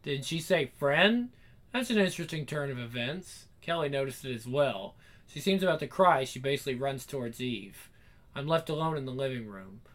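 A man reading a first-person adult comedy story aloud, animated and wry, swearing freely. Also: mid-range voice, moderate pace. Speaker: narrator.

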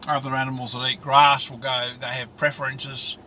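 A man's voice: medium pitch, level tone, normal speed, bright, forceful tone, a little hiss or hum. An Australian man vlogging in a casual, rambling monologue, crude and colloquial, talking from his car.

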